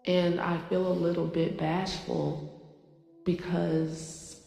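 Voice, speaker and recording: Slow, gravelly woman in her forties. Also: on the low side, flat delivery, warm tone. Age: 40s. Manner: rambling, filler-heavy, self-conscious. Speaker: spiritual channeler. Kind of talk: casual confessional talk. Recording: echoey room, long reverb, faint music.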